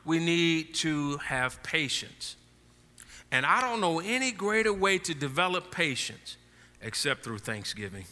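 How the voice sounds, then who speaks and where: A middle-aged man preaches from the pulpit, his voice high and very bright. He swings between hushed, drawn-out lines and loud bursts. The sound carries the long reverb of a large church sanctuary. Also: big pitch swings. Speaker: pastor. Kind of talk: sermon.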